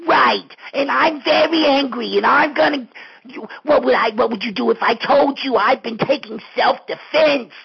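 A man's voice: extremely high pitch, normal speed, muffled recording, voice pushed up, full character voice. A man voicing a timid, whiny, put-upon guy who stammers nervously and complains at length. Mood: whining. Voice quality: raspy, gravelly.

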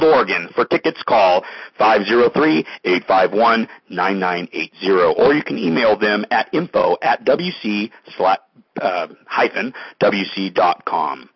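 A man hosting a comedy podcast, reading promos in a deadpan, brisk way. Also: medium pitch, breathy edge, no echo, dull audio. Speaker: podcast host.

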